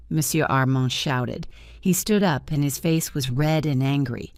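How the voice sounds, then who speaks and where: Slow, low-pitched woman reading a story. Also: a little mellow, no room sound, studio quality. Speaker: narrator. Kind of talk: graded-reader story narration.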